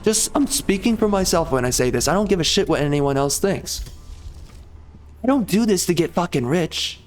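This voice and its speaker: Furious man ranting, fairly high voice. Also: animated, moderate pace, soft background music. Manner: profane, heated, repetitive. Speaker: gaming YouTuber. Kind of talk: angry rant to camera.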